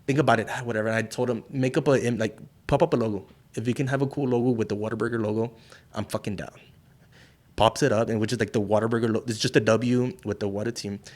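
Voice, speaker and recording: A middle-aged man from South Texas sits as a guest and tells his stories loosely. He swears freely, shifts into the voices of the people he quotes, and keeps his everyday voice at a medium pitch. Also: fast talker. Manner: profane, animated, acts out quoted voices. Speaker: wrestler and guest. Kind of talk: casual storytelling interview.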